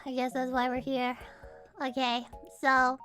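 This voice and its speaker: A woman's voice: high-pitched, completely flat delivery, measured pace, fairly bright tone, soft background music. A young adult woman streaming casually as a VTuber, profane and incredulous, laughing often. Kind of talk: casual react stream chat.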